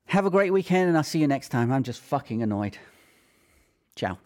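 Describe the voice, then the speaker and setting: A man's voice: mid-range voice, very animated, normal speed, a little mellow. A man who runs a tech support business, ranting furiously and swearing constantly in a vlog. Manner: furious, heavily profane ranting.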